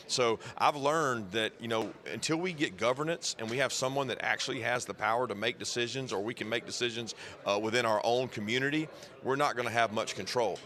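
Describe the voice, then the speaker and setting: A man's voice: on the low side, quick pace, pushed and bright. A man who is a college football head coach, explaining his view earnestly at a press conference.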